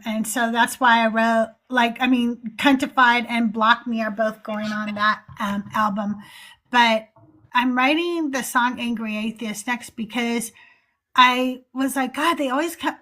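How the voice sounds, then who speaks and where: A woman's voice: on the high side, moderate pace. A woman hosting a call-in stream, talking casually and ranting heatedly with plenty of swearing. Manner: heated, profane, animated rants. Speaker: host of a call-in show. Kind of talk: casual livestream chat.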